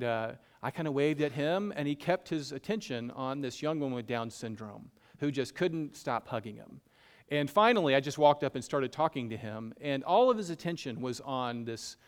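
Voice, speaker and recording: A man's voice: mid-range voice, clear, resonant tone. A man with a Southern US accent preaching a conversational sermon, folksy and self-deprecating, often repeating a point for emphasis. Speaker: pastor.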